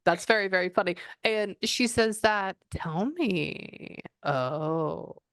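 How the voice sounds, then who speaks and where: A woman's voice: mid-range voice, takes it slowly, no echo, studio quality. A woman working as a psychic medium, talking casually and often breaking off to listen before passing on what she hears. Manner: breaks off to listen, relays quotes. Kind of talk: psychic reading session, casual chat.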